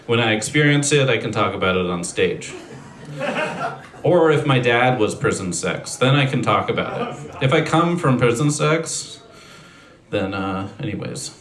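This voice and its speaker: Deadpan male comic, echoey room. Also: mid-range voice, normal speed, a crowd in the background. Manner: deadpan, self-deprecating one-liners with throat clearing. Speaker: stand-up comedian. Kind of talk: deadpan stand-up set. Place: comedy venue stage. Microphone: handheld stage mic on a speaker.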